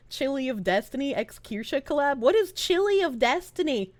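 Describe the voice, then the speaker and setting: High-voiced and animated, this young VTuber from the Boston area talks at a moderate pace with hardly any pauses, her Boston accent clear on a studio-quality streaming mic with no echo. Her livestream is casual chat and rants, full of swearing and laughter.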